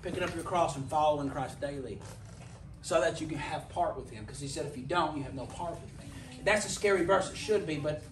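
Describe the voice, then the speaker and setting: A man preaching a sermon in a casual, joking way that builds to forceful emphasis, with big swings between loud and very quiet. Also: a little high, a little fast. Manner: conversational and humorous, rising to forceful emphasis. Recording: echoey room, voice from a distance.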